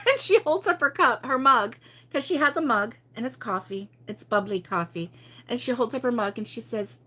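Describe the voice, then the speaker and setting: Bright-voiced chatty grandma host. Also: female voice, a little high, animated, moderate pace. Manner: chatty, laughing storyteller. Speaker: crochet channel host. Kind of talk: casual live chat with viewers.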